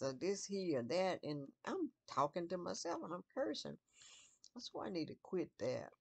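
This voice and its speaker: Older woman vlogger, slow and unhurried, thinking aloud at bedtime, rough fry in the voice. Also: low voice, very animated, no room sound. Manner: slow, musing, talking to herself with restarts. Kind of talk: relaxed bedtime vlog.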